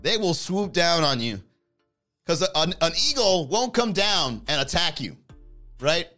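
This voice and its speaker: Joking, animated male stream host. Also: fairly high pitch, measured pace, faint music behind. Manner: joking, rambling, laughs often. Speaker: livestream host. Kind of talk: casual chat.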